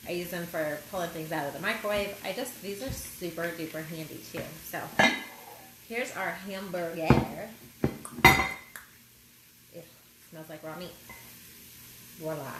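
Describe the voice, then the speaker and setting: A woman's voice: fairly low pitch, unhurried, pauses often. A woman hosting a casual live cooking demonstration from her home kitchen, chatty and rambling, poking fun at her own slips. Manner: chatty, rambling, self-deprecating. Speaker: cooking show host. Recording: echoey kitchen, loud frying noise. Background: sizzling pan and kitchen clatter.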